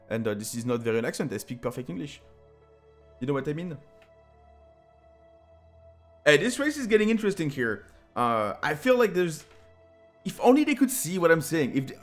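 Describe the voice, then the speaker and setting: A tired man with a French accent commentating a live game, joking and filling gaps with lots of "uh". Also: fairly high pitch. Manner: excitable, joking, many fillers. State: sleep-deprived. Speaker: esports commentator.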